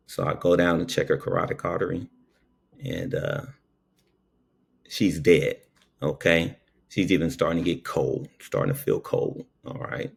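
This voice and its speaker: A man's voice: low voice, animated, takes it slowly, vocal fry, long pauses, husky. A man who works as a paramedic, telling a story in a casual, preachy monologue and tagging his lines with "okay?".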